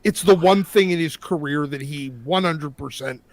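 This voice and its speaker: A man with a somewhat high voice rants in a casual live-stream chat. He leans on his words emphatically and drops in profane asides. The sound is close and dry. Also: moderate pace, no echo. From Pittsburgh area. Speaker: show regular, commentator.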